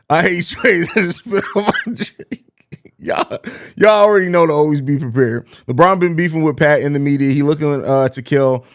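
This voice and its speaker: A man's voice: fairly high pitch, moderate pace. A man hosting a live pregame sports stream, bantering in slang and laughing often. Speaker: podcast host.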